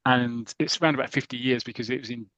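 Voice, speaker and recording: A man's voice: mid-range voice, fast, no echo, dull audio. Male podcast host, storyteller type, dry close-miked read. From England. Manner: animated storytelling, acting out quotes. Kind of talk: casual chat retelling a comic story.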